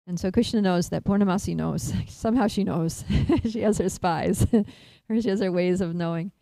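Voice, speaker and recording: A woman telling a devotional story in an animated way, laughing often and using many fillers. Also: on the low side, normal speed, creaky, hardly any pauses, dry recording, rough recording. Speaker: storyteller at a temple.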